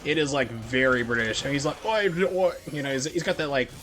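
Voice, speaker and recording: A man's voice: medium pitch, fast talker, bright, forceful tone. A young man chatting casually and rambling while he plays through a speedrun on a live stream. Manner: rambling, heavy on "like" fillers.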